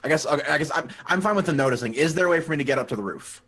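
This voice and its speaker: A man's voice: on the high side, expressive, racing, fairly bright tone. A man as a player in a tabletop game, talking hesitantly with many fillers like "um" and "like". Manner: hesitant, lots of "um" and "like". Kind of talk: casual tabletop play.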